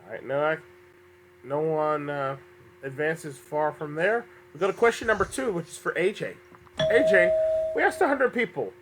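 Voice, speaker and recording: A man's voice: a little high, normal speed, a bit bright, a little hiss or hum. A man hosting a fan-made game show, upbeat but often stumbling and correcting himself, a little under the weather.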